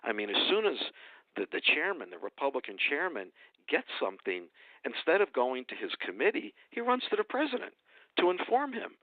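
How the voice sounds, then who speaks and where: A man's voice: a little high, wildly swooping pitch, brisk, dry recording. A man giving a heated, indignant political rant as a radio guest, hammering points with repetition. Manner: indignant, emphatic, repeats phrases for effect. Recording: dry tinny phone line.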